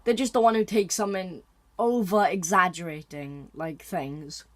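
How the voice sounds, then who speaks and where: A man's voice: sits high, moderate pace, a bit bright. A young man narrating comedy sketches in a chatty, exasperated way.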